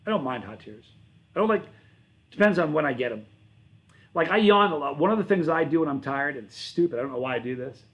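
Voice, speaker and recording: Reading his live chat, a man answers casually and rambles, friendly and prone to self-correcting mid-sentence. His fairly high voice has lively intonation and a quick pace, and the audio's highs are cut off.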